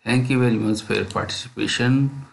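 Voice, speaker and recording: A man's voice: mid-range voice, steady tone, creaky. A man teaching an English lesson, drilling phrases over and over and checking in with "okay?" after nearly every line. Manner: repetitive, drills phrases slowly, frequent "okay?". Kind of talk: slow spoken English lesson.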